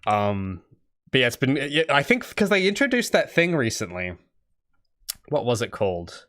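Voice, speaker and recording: A man's voice: mid-range voice, huge pitch swings, normal speed, fairly bright tone. A young man from Australia chatting casually on his game dev livestream, rambling and answering chat. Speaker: indie game developer streaming.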